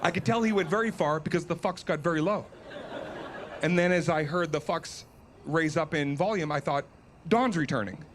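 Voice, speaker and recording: A man's voice: on the high side, normal speed, noisy background. A man telling a comic story as a solo podcast host, self-mocking and laughing at his own tale. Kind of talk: comedic storytelling.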